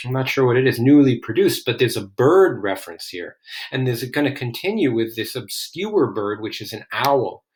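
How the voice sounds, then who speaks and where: A man reading lines from a play aloud and explaining them in plain, casual words, often musing over what he finds interesting. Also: medium pitch. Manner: reads lines then paraphrases them in plain talk, musing and curious. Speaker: literature explainer. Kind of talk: casual read-aloud with commentary.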